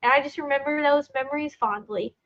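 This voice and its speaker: A woman co-hosting a podcast in casual chat, excitable, swearing often and laughing a lot. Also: high voice, quick pace, highs cut off. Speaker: podcast co-host.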